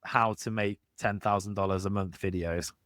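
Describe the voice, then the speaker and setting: A man co-hosting a casual podcast conversation. He talks in an animated way, often restarts his sentences and acts out his anecdotes. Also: fairly low pitch, moderate pace, dry recording, studio quality. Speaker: podcast co-host.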